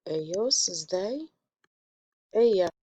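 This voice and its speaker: A woman teaching a Spanish lesson, explaining step by step in a patient way and quickly correcting her own slips. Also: medium pitch, expressive, mellow. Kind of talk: recorded classroom lesson.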